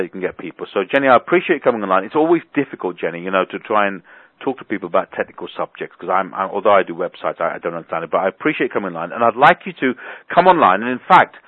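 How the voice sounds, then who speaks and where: A man's voice: lowish voice, no echo. Man hosting over a tinny phone line. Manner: rambling, emphatic, repeats words for stress. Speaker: host of a business conference call. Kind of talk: casual call talk.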